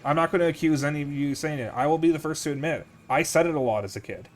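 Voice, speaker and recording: A man's voice: fairly high pitch, quick pace. A young man streaming a video game, chatting candidly with viewers, swearing freely and rambling with fillers. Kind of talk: casual gameplay commentary.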